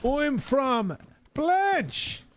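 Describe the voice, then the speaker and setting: A man voicing a confused tourist in a joke, speaking slowly and over-enunciated. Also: extremely high pitch, sing-song, fairly bright tone, a little hiss or hum, voice pushed up, exaggerated voice. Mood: puzzled.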